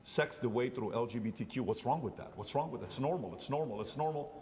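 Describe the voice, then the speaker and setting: A man's voice: medium pitch, fast talker, a little mellow, in a large hall, slight background noise. A man interviewing a guest in a conversational way, telling stories and acting out quoted dialogue. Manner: storytelling, acts out quoted dialogue.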